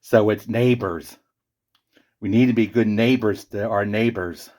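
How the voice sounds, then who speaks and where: Man playing a slow-talking know-it-all, low-ish voice, lectures. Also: steady tone, darkish tone, close to an everyday voice. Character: fussy pedantic male character. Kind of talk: comedy skit.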